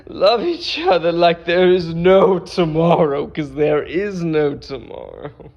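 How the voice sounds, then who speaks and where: A man voicing a loving channeled presence that speaks through him with a put-on accent, gasping and weeping between slow declarations. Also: on the high side, huge pitch swings, vocal fry, pitched above the performer's own voice, exaggerated voice. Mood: ecstatic. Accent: unplaced put-on accent. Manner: gasping, weeping, drawn-out emotional outbursts. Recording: dull lo-fi recording.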